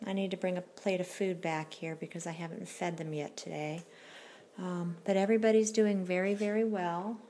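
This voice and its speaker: A woman breeder chatting casually as she films her kittens at home, unhurried and full of fillers. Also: lowish voice, steady tone, mellow, a little hiss or hum. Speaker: cat breeder. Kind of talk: casual home video narration.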